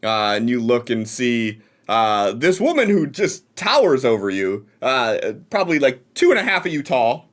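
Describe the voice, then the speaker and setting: A man narrating a tabletop game as game master, relaxed with many fillers. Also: medium pitch, normal speed, few pauses.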